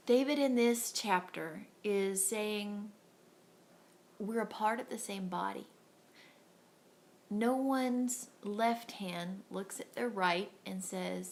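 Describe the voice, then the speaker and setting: A woman's voice: medium pitch, slow, slight background noise. A woman giving an earnest, encouraging devotional talk to women, acting out little voices as she goes. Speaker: devotional host.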